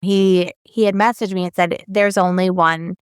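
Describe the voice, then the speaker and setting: Chatty woman with a smooth voice. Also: fairly low pitch, steady tone, moderate pace, no echo, studio quality. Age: 30s. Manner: chatty, lots of fillers, quotes people in her story. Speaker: podcast co-host. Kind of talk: casual storytelling.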